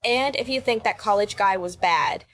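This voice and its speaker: A woman's voice: medium pitch, normal speed, a bit bright. A woman giving polished, scripted commentary on a story, indignant in tone. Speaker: channel host commenting.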